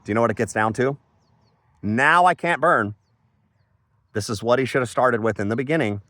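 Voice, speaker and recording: A man's voice: medium pitch, normal speed, pushed and bright, dry recording. A man giving a frustrated, rambling monologue on his farm, emphatic and casual, calling people "bro". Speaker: farmer vlogger. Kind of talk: casual ranting monologue to camera.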